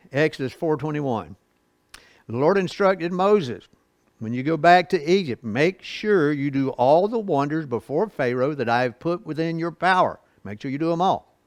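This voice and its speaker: A man's slightly high voice comes through a dry recording as he teaches a Bible study, reading scripture slowly and explaining it folksily, with asides and chuckles along the way.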